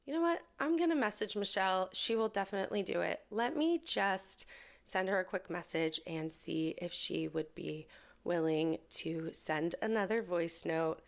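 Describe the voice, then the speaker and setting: A woman's voice: on the low side, expressive, moderate pace, creaky. A woman hosting a podcast, chatting heartfelt and casually as she opens an episode. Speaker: podcast host.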